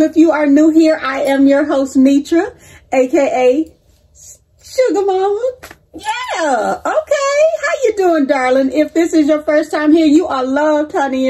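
A woman's voice: high voice, dark tone, breathy edge. A woman hosting a casual vlog, upbeat and uplifting, calling her viewers honey and sweetheart and cheering them on with faith-filled encouragement. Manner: sprinkles speech with endearments like honey and sweetheart. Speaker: vlog host.

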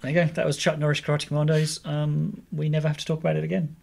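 A man's voice: on the high side, level tone, rapid-fire, creaky, darkish tone. A man hosting a casual chat podcast, steering the talk and signing off to listeners. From United Kingdom. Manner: leads the talk and wraps up with listener sign-offs. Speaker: podcast host.

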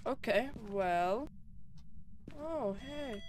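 A woman's voice: a little high, very slow, darkish tone, faint music behind. A young woman giving nervous, chatty commentary while playing a horror game alone, with jumpy reactions. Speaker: gaming YouTuber.

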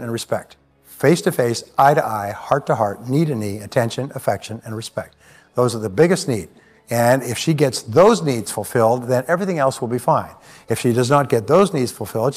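A man giving a self-help talk as a motivational speaker, measured and explanatory, leaning on key words. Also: medium pitch.

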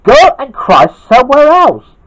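A man's voice: sits high, huge pitch swings, slow pace, a bit bright, voice pushed up, full character voice, poor audio. A man voicing a cross, grumpy young man who talks in a snappish, impatient way.

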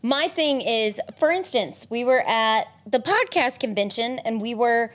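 A woman's voice: on the high side, animated, a little slow, a bit bright. A woman co-hosting a casual podcast chat, telling stories from her own life. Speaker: podcast co-host.

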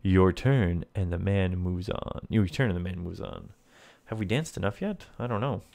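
A man's voice: sits low, moderate pace, gravelly, a little mellow. A man playing a text adventure, reading the game text aloud and making wry asides to himself. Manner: reads game text and comments wryly to himself. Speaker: let's player.

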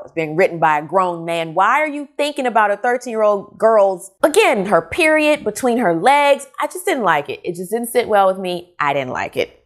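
A middle-aged woman chats casually about her reading, frank and openly exasperated. Her voice sits low yet leaps around with lively pitch. She sounds like a regular book vlogger talking straight to her viewers. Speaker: book reviewer. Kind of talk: casual book review vlog.

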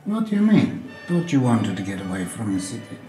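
A smooth, lively-voiced crime boss. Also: male voice, fairly low pitch, brisk, faint music behind. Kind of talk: film acting.

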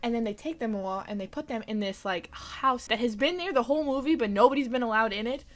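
A young woman giving an animated, casual movie recap, full of "like" and blunt, incredulous asides. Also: a little high, fast talker. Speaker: vlogger.

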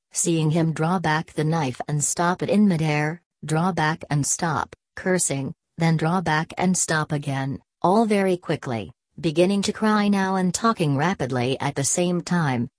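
A woman narrating a novel as an audiobook in a steady, measured storytelling manner. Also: low voice, dry recording. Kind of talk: scripted narration.

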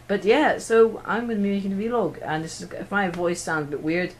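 A man's voice: sits high, fairly even intonation, moderate pace, a little hiss or hum. A teenage boy, rambling through a casual home vlog recorded on an iPod, giggly and self-mocking. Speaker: vlogger.

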